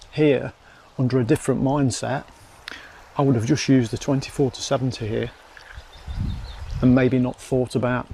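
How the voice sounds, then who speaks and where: Male outdoor vlogger, winded, mid-pitched, muses aloud with fillers, noisy open-air track. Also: warm tone. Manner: thinking aloud while hiking, with pauses and fillers. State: out of breath. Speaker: landscape photographer. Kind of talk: casual outdoor vlog narration. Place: outdoors on hillside moorland.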